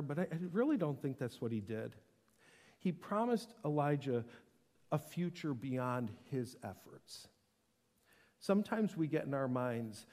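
Animated male preacher in an echoing hall. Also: fairly high pitch. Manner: impassioned, swinging between hushed and loud. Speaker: pastor. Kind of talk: sermon. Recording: echoing hall with long reverb.

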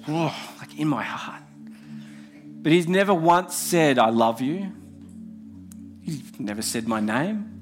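A young man preaching a heartfelt sermon with repeated phrases, soft music behind. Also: mid-range voice.

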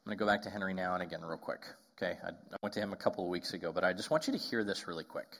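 A man's voice: low-pitched, very fast, fairly bright tone. Conversational man preaching a sermon. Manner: conversational, with frequent asides and restarts. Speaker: pastor.

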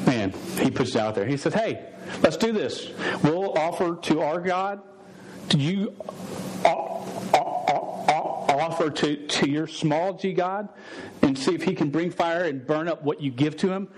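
A man's voice: fairly high pitch, slight background noise, low-quality recording. A man preaching a sermon, casual and sarcastic, often stumbling over words. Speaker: pastor.

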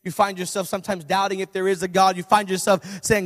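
Male pastor, sermon; lively comic storyteller who builds to shouts; high voice with long hall reverb. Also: fast, hardly any pauses. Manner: animated, humorous storytelling that swells into shouting.

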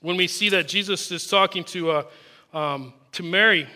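A male preacher with a high-pitched voice gives a sermon. He reads scripture passages aloud, then explains them in an earnest way. His tone is bright and clear. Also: moderate pace.

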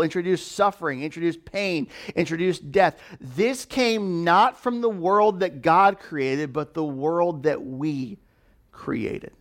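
A man in his thirties preaching a conversational sermon, animated, with many fillers and restarts. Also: fairly high pitch. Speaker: pastor.

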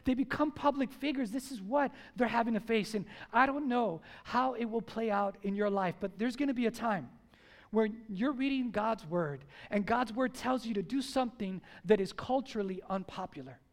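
A man's voice: extremely high pitch, moderate pace. A man preaching a sermon to his church congregation, speaking emphatically and repeating his key lines. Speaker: pastor. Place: church service before a congregation.

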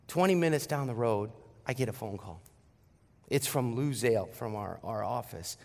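A middle-aged man, a pastor, preaching a sermon and telling a family story with animated quoted voices. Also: medium pitch, moderate pace, creaky. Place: church sanctuary. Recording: long reverb of a church hall.

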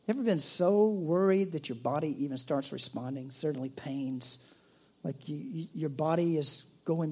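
A pastor delivers a sermon in a relaxed, talking-to-friends manner. The voice sits at a middling pitch and slips between playful asides and quieter, earnest points. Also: normal speed, husky. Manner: conversational preaching, jokey asides, drops to soft earnest tone.

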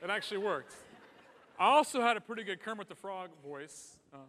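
Casting: earnest sermon from a high-voiced man, echoey church hall. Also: lively intonation, fairly quick, a bit bright. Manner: earnest, conversational, with restarts and humor. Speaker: pastor.

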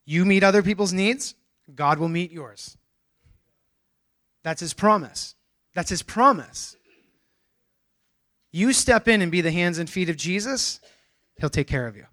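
A man's voice: high voice, animated, a bit bright. Casual, talkative male pastor preaching. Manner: conversational, self-deprecating, with restarts and quick asides. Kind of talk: sermon.

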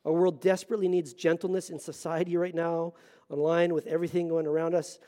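A middle-aged man preaching a Sunday sermon in a fairly high voice. He talks earnestly and presses hard on key lines, then drops to quiet, hushed asides. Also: level tone, fast. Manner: earnest, swings between loud emphasis and hushed asides. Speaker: pastor.

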